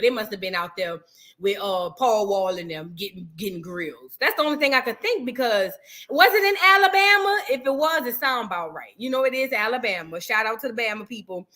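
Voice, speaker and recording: A woman hosting a casual reaction livestream, rambling in slang, reading chat and shouting out viewers. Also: fairly high pitch.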